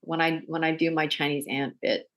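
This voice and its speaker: A woman with a notably low voice chats easily on a podcast, spinning animated family stories. She laughs at her own anecdotes and keeps a conversational flow. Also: a little fast. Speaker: guest actor and director.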